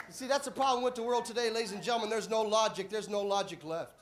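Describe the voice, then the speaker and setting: A man doing a stand-up comedy routine on a club stage, deadpan setups that burst into shouted punchlines. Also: high-pitched, quick pace, few pauses. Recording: live club audience laughing. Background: audience laughter and applause.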